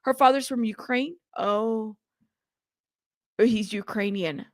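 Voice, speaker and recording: A woman hosting a casual live stream, chatty and playful, reading viewer comments aloud and giving shout-outs. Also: a little high, takes it slowly, no echo, clean studio sound. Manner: playful, teasing. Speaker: livestream host.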